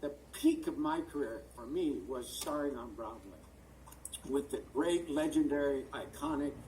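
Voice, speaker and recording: A man's voice: medium pitch, animated, moderate pace, a little mellow, distant mic, slight background noise, low-quality recording. An older man, a stage and screen actor, telling rambling stories as an interview guest and often searching for words. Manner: chatty, rambling storyteller who searches for words. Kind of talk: anecdotal storytelling in an interview. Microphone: video call.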